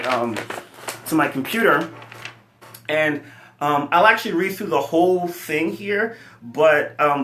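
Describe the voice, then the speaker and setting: A man running a fitness company, giving an earnest, animated motivational talk full of fillers. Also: a little high. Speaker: fitness company CEO and coach. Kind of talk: casual motivational talk to camera. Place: room with his computer. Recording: echoey room.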